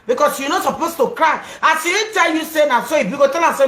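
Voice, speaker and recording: A woman with a Nigerian accent hosts a phone-in, soothing and reassuring her caller with a high voice and frequent laughter. Her voice rings in an echoey room. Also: fast talker, a bit bright. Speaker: host. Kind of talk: phone-in counselling talk.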